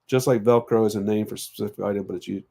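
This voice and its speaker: A man's voice: fairly low pitch, fairly even intonation, rapid-fire, gravelly, mellow. Chatty man reading out viewer comments. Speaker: co-host of a live stream. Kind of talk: casual live-stream chat.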